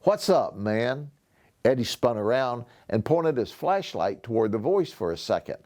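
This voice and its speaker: A man's voice: mid-range voice, normal speed. A sheriff, a man, reading a novel aloud expressively to schoolchildren. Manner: expressive storytelling.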